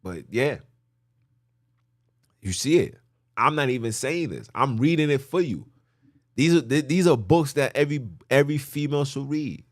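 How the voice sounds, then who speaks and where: A man's voice: mid-range voice, expressive, normal speed, pauses often, dry recording, studio quality. Emphatic man preaching from scripture. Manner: emphatic, repetitive, blunt and informal. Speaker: podcast host teaching scripture. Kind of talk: preaching, reading and explaining scripture.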